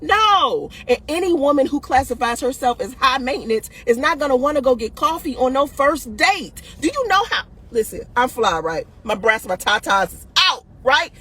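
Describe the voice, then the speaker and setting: A woman's voice: high-pitched, lively intonation, moderate pace, few pauses, a bit bright, breathy edge. A woman hosting a video, giving dating advice in blunt, profane casual talk, laughing often and tossing "listen" and "right?" at her audience.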